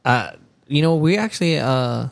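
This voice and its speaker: A young man with a gravelly, creaky voice talks loose and easy as a podcast co-host. He swears freely, laughs a lot and calls everyone bro. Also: on the high side, expressive, moderate pace. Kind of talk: casual chat. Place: Texas.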